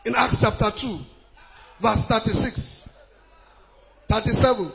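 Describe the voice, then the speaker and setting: A man preaching a sermon as an evangelist, shouting and chanting in a sing-song way. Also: very high voice, unhurried, creaky. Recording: dull lo-fi recording.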